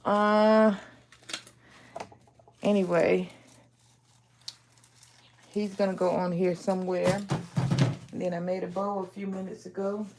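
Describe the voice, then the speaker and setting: A woman's voice: on the low side, vocal fry, darkish tone, slight background noise. A woman, hosting a casual live stream, telling folksy stories and acting out other people's lines while she crafts. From Aliquippa, Pennsylvania. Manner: chatty storyteller who acts out other people's lines; folksy, calls listeners honey.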